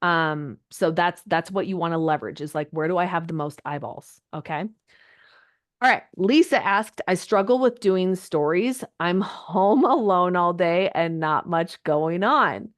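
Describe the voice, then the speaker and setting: A woman coaching a group live on a video call, chatty and animated, her voice jumping up when she gets excited. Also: on the low side, measured pace. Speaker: social media coach. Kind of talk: live online coaching session.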